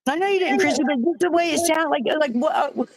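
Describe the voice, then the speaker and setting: A woman's voice: sits high, quick pace, dry recording, poor audio. A woman arguing heatedly on a live stream panel, defensive and profane, often stumbling over her words.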